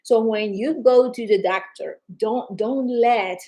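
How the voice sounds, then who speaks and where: A woman with a non-native English accent chats casually but emphatically with viewers on a live stream, animatedly calling them darling. Her voice is a little high and her pace slow, and the recording is rough. She is a social media host.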